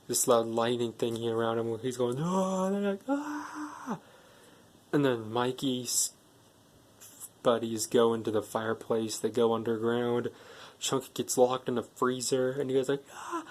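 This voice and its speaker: Man rambling through a movie recap. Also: mid-range voice. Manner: rambling plot retelling, strings clauses with "and then" and "like". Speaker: movie reviewer. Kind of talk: casual spoken movie recap.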